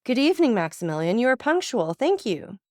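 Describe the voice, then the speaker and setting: A woman's voice: mid-range voice, expressive, fairly quick, no room sound, studio quality, natural voice. Woman reading a grave, melancholy count. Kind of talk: audiobook reading.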